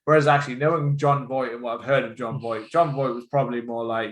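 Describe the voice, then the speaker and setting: Male podcast co-host, mid-pitched, lively and stammering, roomy echo on the mic. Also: fast. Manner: animated, laughing, stammering restarts. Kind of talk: casual film chat. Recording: echoey room.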